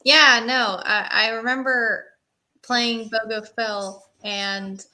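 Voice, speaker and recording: A woman's voice: on the high side, steady tone, slow pace, bright, forceful tone. A woman joining a casual livestream over a delayed remote call, chatty and giggling often. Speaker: guest on a livestream.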